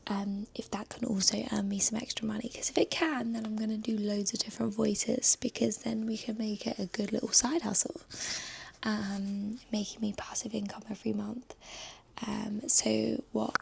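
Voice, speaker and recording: A woman's voice: mid-range voice, level tone, moderate pace, gravelly, noisy background. A woman chatting casually and upbeat as a vlogger, talking through her day in her bedroom. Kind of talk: casual vlog chat.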